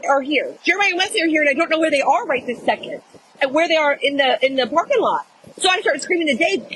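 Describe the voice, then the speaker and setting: A middle-aged woman telling a dramatic story to her viewers in a casual, animated way, often saying "y'all". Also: high voice, fast talker, slight background noise, rough recording. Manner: animated, addresses viewers as "y'all", acts out shouting.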